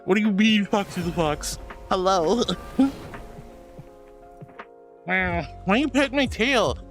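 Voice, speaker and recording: A woman's voice: medium pitch, animated, slow. A woman streamer chatting casually with viewers, playful and giggly, calling them sweetie and honey. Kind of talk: casual chat reading out viewer messages. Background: faint background music.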